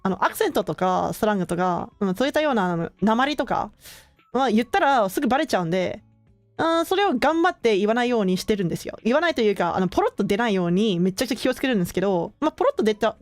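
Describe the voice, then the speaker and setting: A young woman streamer chatting casually with her viewers, relaxed and full of filler words, often laughing between thoughts. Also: mid-range voice, no room sound. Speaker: streamer hosting her own channel.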